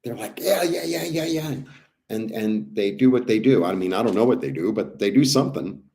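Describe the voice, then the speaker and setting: Low-voiced man rambling about healing. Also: a little fast, dark tone. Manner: rambling, with many fillers and bursts of laughter. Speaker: spiritual healer. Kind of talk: casual spiritual teaching.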